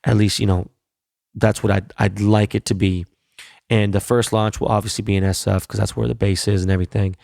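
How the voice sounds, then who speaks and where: Male podcast host, low gravelly voice, blunt profane slang, dry close sound. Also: level tone, a little fast, darkish tone, no room sound. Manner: loose, profane and blunt, laid-back street slang. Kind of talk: casual solo podcast wrap-up.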